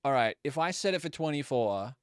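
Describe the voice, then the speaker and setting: A young man talking through a live racing game stream in a loose, chatty way, swearing freely and apologizing often. His mid-pitched voice sounds smooth and clean. The sound is close and dry, with no room around it. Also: lively intonation, a little fast, no echo. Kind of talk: casual live gameplay commentary.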